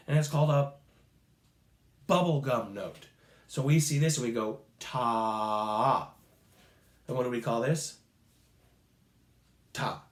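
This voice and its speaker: A man's voice: medium pitch, lively intonation, takes it slowly, long pauses, roomy sound. A male music teacher leading children through a playful call-and-response rhythm lesson, chanting rhythm syllables.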